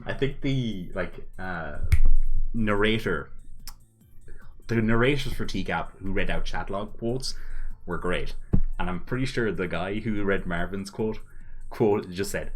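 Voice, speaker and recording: Low-voiced young Irish man, swearing freely. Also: unhurried, pauses often, faint music behind. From Ireland. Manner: swears freely, laughs often, blunt asides. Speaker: commentator reading chat logs. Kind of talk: casual commentary.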